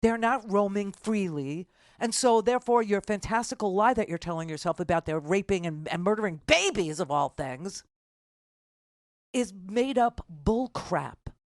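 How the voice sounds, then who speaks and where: A woman's voice: medium pitch, moderate pace, no room sound, studio quality. A middle-aged woman hosting a political talk radio show, combative and exasperated as she argues with callers' claims.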